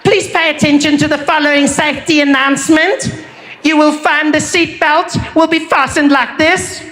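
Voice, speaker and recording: A man with a South African accent doing a woman flight attendant reading a slow, formal safety announcement. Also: very high-pitched, fairly even intonation, pushed and bright, echoey room, slight background noise, pitched above the performer's own voice.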